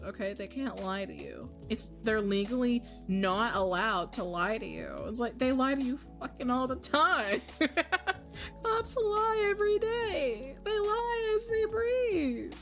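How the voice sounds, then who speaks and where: A woman co-hosting a podcast in casual chat, swearing freely, laughing often and mocking people in quick put-on quotes. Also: a little high, lively intonation, fairly bright tone, soft background music. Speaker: podcast co-host.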